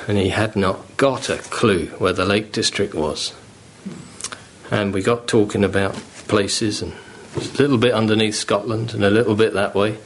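A man's voice: on the low side, steady tone, normal speed. A man preaching a sermon, earnest and pleading, building to fervent emphasis. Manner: earnest, pleading, rising with fervour.

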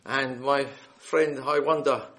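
A man's voice: mid-range voice, steady tone, slow pace, fairly bright tone. A man preaching the gospel in a hall, reading scripture aloud and then appealing earnestly and directly to his listeners. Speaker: lay preacher.

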